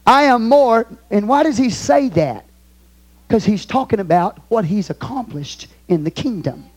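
A pastor with a Texan accent preaching a fervent sermon in a church, reading scripture aloud and swinging between booming and hushed delivery. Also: male voice, sing-song, moderate pace, breathy edge. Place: church sanctuary.

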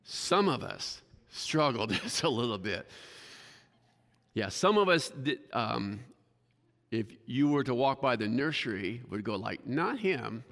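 A man's voice: mid-range voice, animated, a little slow, fairly bright tone. A male pastor preaching a sermon in a church, talking conversationally, often checking in with the congregation and joking at his own expense. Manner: conversational, keeps asking the congregation "right?"; self-deprecating humor. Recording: long hall reverb.

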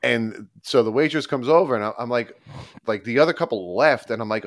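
Low-voiced man telling a rambling story. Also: fast, dry recording, studio quality. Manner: rambling, animated storytelling with laughs. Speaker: podcast co-host. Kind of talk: casual storytelling chat.

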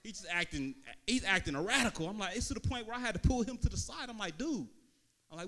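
A male stand-up comic with a Bay Area accent works a club crowd. His voice sits high and bright, and it swings widely as he tells slangy stories and snaps into quoted voices. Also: expressive. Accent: Bay Area Californian. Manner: loose, slangy storytelling with quick quoted voices. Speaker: stand-up comedian. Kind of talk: stand-up comedy set. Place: comedy club stage before a live audience.

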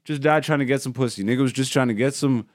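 A man co-hosting a podcast in casual, profane chat, loudly reading a news story aloud and laughing often. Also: medium pitch, fast, no room sound, studio quality. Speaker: podcast co-host.

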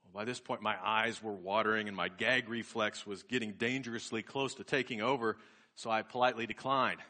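A man preaching a sermon, telling a personal story in an earnest, reflective way that slows and softens at key points. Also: fairly low pitch, steady tone.

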